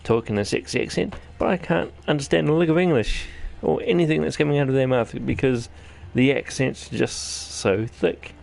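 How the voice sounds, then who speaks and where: A man's voice: medium pitch, moderate pace, creaky, few pauses, darkish tone. A man with a New Zealand accent giving rambling, jokey let's-play commentary as host of his gaming channel. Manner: rambling, jokey, self-deprecating chatter.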